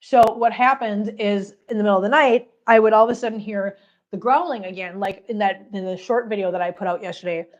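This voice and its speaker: A woman running a cat channel livestream chats casually from her home floor, laughing often and cooing baby talk at her cat between remarks to viewers. Her mid-range voice moves a little fast over lo-fi sound.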